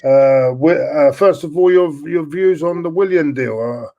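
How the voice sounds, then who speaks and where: A man's voice: a little high, a little slow, vocal fry, lo-fi sound. A man hosting a casual football chat over a video call, tired and struggling to sleep, talking hesitantly with many ums and uhs. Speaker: host.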